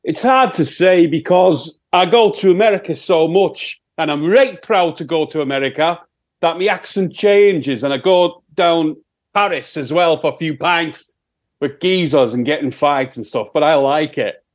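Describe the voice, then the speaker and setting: A man's voice: on the high side, normal speed, close to an everyday voice. A man voicing a cocky, sweary rock singer with a put-on Sheffield accent, rambling crudely.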